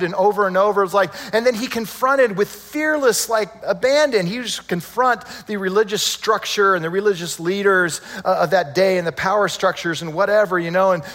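A male pastor preaching in a lively, conversational way, full of rhetorical questions. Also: sits high, normal speed, few pauses, big-room sound. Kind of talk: sermon.

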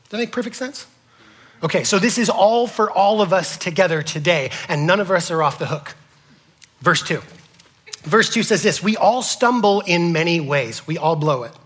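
A man preaching a sermon to his congregation, asking them questions and swinging from loud to whispered. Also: sits high. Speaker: pastor.

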